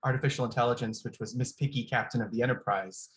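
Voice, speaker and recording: A podcast host chatting playfully on a video call, full of asides and quick jokes. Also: mid-range voice, fairly even intonation. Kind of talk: casual chat.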